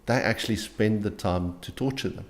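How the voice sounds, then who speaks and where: A middle-aged man from South Africa with a South African accent, an interview guest speaking earnestly and haltingly, with frequent restarts. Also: on the low side. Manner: earnest, halting, many restarts and repeated words. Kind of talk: conversational interview.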